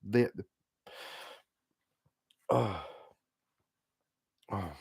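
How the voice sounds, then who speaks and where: On a livestream, a Scottish man with a softened Glaswegian accent chats casually and answers viewer comments. He rambles, restarts sentences, swears freely and laughs between thoughts, his lowish voice very slow, gravelly and breathy at the edges.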